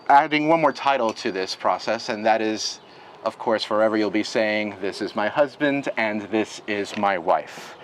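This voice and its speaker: A man officiating an outdoor wedding ceremony in a city park, gently leading the couple through their vows line by line. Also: mid-range voice, a little hiss or hum, rough recording.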